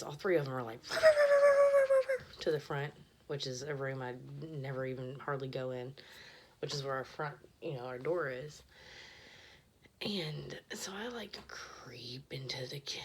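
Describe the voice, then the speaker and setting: Low-voiced woman telling a rambling story. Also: background noise. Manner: profane, rambling, drops to a whisper when retelling. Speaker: podcast host. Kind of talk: casual storytelling.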